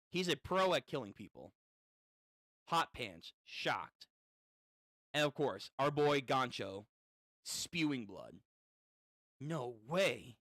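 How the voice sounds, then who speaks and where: A man reading a manga aloud and reacting as he goes, animated and prone to swearing. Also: mid-range voice, no room sound, clean studio sound. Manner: animated, swears, reads lines aloud then comments. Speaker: manga read-through host. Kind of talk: casual reading with live reactions.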